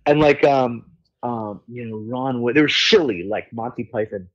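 Male guest with a mid-range voice, lively, profane anecdote-teller who mimics others; dull recording. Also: medium pitch, moderate pace. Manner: animated, swearing, acts out quoted voices. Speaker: guest musician. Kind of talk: casual storytelling chat.

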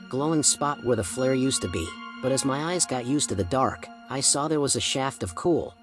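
A man narrating a first-person audiobook in a steady storytelling manner. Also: mid-range voice.

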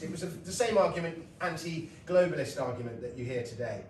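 A middle-aged British man, lecturer and comedian, gives a comic lecture of chatty stories, asides and laughs to a live audience in a lecture hall. His animated voice is on the high side and a little mellow, fairly quick with few pauses, captured by a distant, roomy hall mic with a little hiss or hum.

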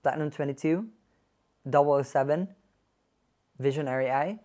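A man reviewing perfumes in a casual haul vlog, gushing and effusive, often dropping to a soft hush. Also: fairly high pitch, moderate pace.

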